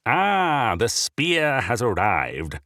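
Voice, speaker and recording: Sickly old bishop, raspy and loud, slow heavy growl, put on by a male narrator; storybook reading, dry close sound. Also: mid-range voice, wildly swooping pitch, no echo, pitched above the performer's own voice, heavily acted. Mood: grave, weary.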